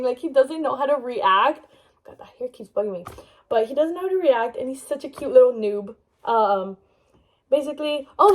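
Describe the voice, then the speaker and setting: A woman's voice: sits high, low-quality recording. A young woman vlogger chatting about a book she loves, gushing and rambling with lots of fillers and restarts. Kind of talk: casual book review chat.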